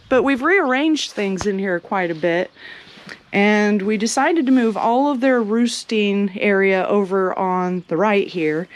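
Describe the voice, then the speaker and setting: A woman chatting casually as she walks through her homestead showing the animals, sometimes cooing at them in a high sing-song. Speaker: homestead vlogger. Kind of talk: casual walking tour vlog. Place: outdoors on a homestead among animals.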